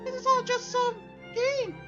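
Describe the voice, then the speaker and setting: A woman voicing a distraught young schoolgirl who speaks quietly through sobs, in a visual novel. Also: very high voice, little pitch movement, a little slow. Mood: despairing. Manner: sobbing, quiet and pleading. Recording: dull lo-fi game audio over music.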